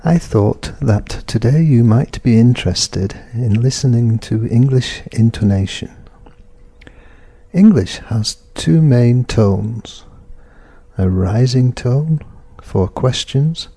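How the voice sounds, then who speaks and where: A man giving an English lesson on intonation, explaining slowly and deliberately. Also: fairly low pitch, creaky, dark tone, slightly rough. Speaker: English teacher.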